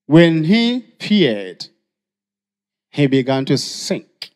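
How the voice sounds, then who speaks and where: A man with a Nigerian accent preaching a sermon to a congregation, calling for responses and shouting. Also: a little high, big pitch swings, extremely slow. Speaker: pastor. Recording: long hall reverb.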